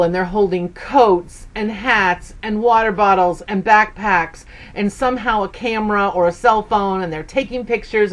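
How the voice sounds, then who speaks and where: In casual chat, a sewing vlogger in her fifties tells stories full of "okay"s, acting out quoted lines by jumping her voice way up in pitch.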